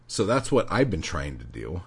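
A middle-aged man hosting a podcast, delivering an angry, profane rant that swings from low muttering to shouting. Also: big pitch swings, normal speed, creaky, slightly rough. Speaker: podcast host. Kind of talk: profane ranting monologue.

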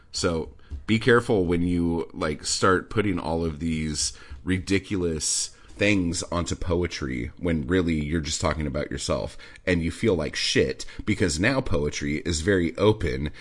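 A man hosting a podcast, ranting sarcastically and swearing constantly while reacting to an article. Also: sits low. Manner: profane, sarcastic, combative. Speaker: podcast host.

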